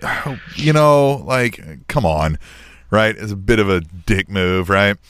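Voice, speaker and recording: A man's voice: fairly low pitch, takes it slowly, dry recording, clean studio sound. A middle-aged man co-hosting a podcast, telling a story in casual chat and tagging "right?" onto his sentences. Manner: animated storytelling, keeps asking "right?". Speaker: podcast co-host.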